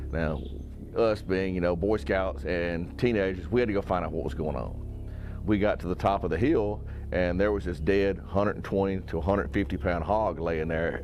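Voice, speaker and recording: Deep-voiced man telling a story. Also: background noise. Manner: plain-spoken, folksy. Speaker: eyewitness interviewee. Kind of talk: storytelling testimony.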